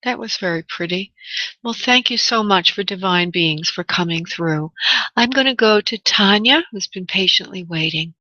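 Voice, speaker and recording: Bright-voiced woman hosting a call-in radio reading. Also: medium pitch, dry recording, lo-fi sound. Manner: halting, searching, with many restarts; calls callers honey and love. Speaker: radio show host and spirit medium.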